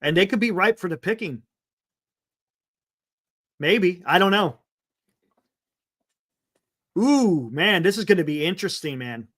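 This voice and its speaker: A man's voice: sits high, animated, measured pace, long pauses, a bit bright. A man hosting a live sports stream, chatting loosely, reading viewer comments and laughing often.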